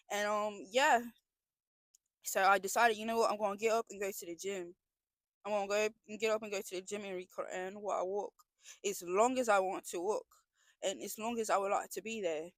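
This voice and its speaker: A woman's voice: medium pitch, steady tone, brisk, dry recording. Earnest young woman vlogging, dry sound. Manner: earnest, emotional, rambling with restarts. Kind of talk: casual confessional vlog.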